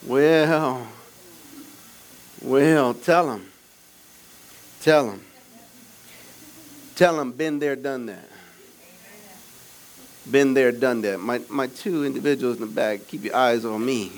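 A man pastor preaching an energetic sermon with call-and-response, swinging from shouts to quiet asides. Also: mid-range voice, slow, pauses often, low-quality recording. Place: church service with children present.

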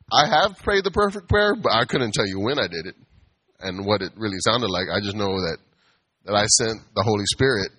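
A man's voice: lowish voice, fairly bright tone. A man giving a casual, conversational sermon, playful and acting out quoted voices. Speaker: preacher.

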